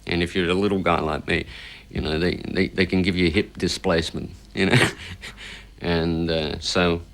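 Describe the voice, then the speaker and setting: A rock guitarist talking casually in an interview, rambling and filling gaps with "you know", now and then chuckling. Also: male voice, sits low, level tone, moderate pace, vocal fry, fairly bright tone. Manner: chuckles while telling stories.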